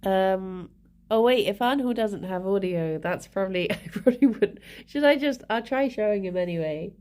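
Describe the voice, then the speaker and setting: A woman's voice: mid-range voice, animated, normal speed, mellow. A woman live-streaming and chatting casually with her viewers, laughing often and talking to her pets. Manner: giggly, chatty, talks to pets and chat.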